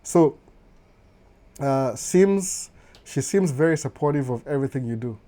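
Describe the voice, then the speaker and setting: A middle-aged Kenyan man hosts a relaxed live stream, answering viewer comments as they come in. His voice is mellow and even, and his talk moves freely between Swahili and English. He often brushes things off with a quick "no, no" and a chuckle. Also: mid-range voice. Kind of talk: casual live chat reading viewer comments.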